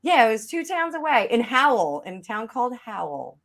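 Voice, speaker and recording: A middle-aged woman with a New Jersey accent, chatting casually as a tarot reader on a live video call, quick asides and frequent laughter. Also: a little high, very animated, a crowd in the background. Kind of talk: casual chat. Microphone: webcam on a video call.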